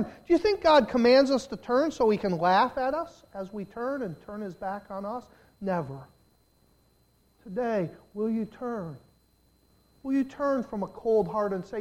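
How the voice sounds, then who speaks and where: An impassioned preacher delivering a sermon. The voice drops to a near-whisper, then climbs steeply into high, shouted appeals. Stretches of spoken prayer come in the first person, slow and pleading. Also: lively intonation. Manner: impassioned, swinging from hushed to shouting.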